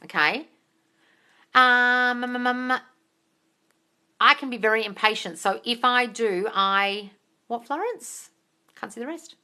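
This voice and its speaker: A woman hosts a live Q&A, reading out viewer comments and answering with gushing, excitable energy. Her voice is bright and forceful, and she swears casually and calls everyone darling. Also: fairly high pitch, slow, long pauses, smooth. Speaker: manifestation coach and live-stream host.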